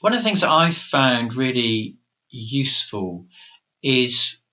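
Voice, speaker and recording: A man's voice: mid-range voice, very animated, slow pace, sharp tone. A middle-aged man co-hosting a podcast, speaking in a thoughtful, hesitant way with many fillers. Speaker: podcast co-host, coach. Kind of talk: reflective podcast discussion. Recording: dull lo-fi sound.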